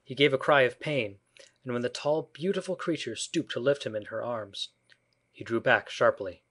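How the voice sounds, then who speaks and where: A male audiobook narrator reading a children's classic in a measured, even scripted narration. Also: mid-range voice, breathy edge.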